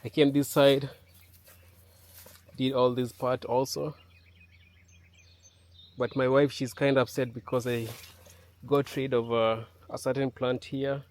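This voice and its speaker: Guy vlogging in his yard, slow and halting, lots of uhs, mid pitch. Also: flat delivery, darkish tone. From Kenya. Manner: unhurried, halting, with many fillers. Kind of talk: casual vlog talk to camera. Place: outdoor yard.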